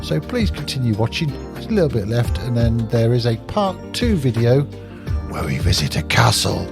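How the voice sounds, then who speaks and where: On a cycling trip, a man vlogs outdoors on a handheld camera, chatty and joking and swearing freely. His mid-range voice is gravelly and very animated at a moderate pace, heard over music.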